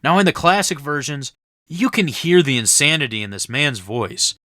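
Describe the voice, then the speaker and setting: A man's voice: a little high, sing-song, normal speed, bright, forceful tone, no room sound, studio quality. A man reading a scripted voice-over game review in an opinionated, blunt way.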